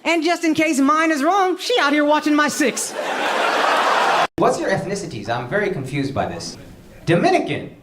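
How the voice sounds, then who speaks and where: A man's voice: very high-pitched, very animated, moderate pace, background noise. A man doing profane stand-up crowd work on a club stage, teasing audience members. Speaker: stand-up comedian. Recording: live club recording, loud crowd laughter.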